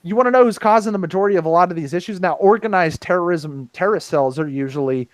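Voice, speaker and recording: A man's voice: sits high, fast, no echo, low-quality recording. A man on a casual roundtable podcast, talking in a heated, profane, rambling way with many restarts. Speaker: podcast host.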